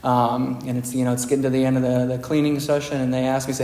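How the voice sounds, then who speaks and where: A man's voice: medium pitch, completely flat delivery, quick pace, dark tone. Man sharing candidly in an echoey hall. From United States. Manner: candid, self-deprecating, conversational. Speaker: AA speaker. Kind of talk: personal recovery talk. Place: meeting room. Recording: roomy hall recording.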